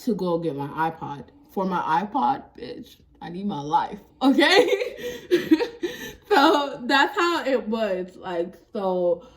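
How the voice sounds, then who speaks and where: A young woman telling a storytime straight to her viewers in loose, casual slang. She is animated and swears freely, and she laughs her way through the scary parts. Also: medium pitch, slow pace, few pauses. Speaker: storyteller vlogger.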